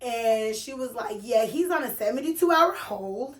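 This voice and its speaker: A woman with a high voice and a Texas accent tells a story in a loose, casual way. Her talk is full of slang and swearing. She slips into the voices of the people she quotes as she goes. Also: moderate pace. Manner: animated, profane, slangy, acts out quoted voices. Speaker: vlogger telling a story.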